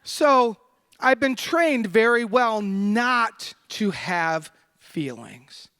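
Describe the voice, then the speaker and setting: Guy preaching a sunday talk, kinda high voice, goes quiet then gets loud and fired up. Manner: passionate, swinging from hushed to loud and emphatic; candid, laughing at his own anecdote. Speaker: guest minister. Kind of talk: Sunday sermon. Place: spiritual center congregation.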